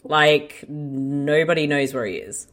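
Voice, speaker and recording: Bright-voiced host with an Australian accent. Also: medium pitch, takes it slowly. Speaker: podcast co-host. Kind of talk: casual movie chat.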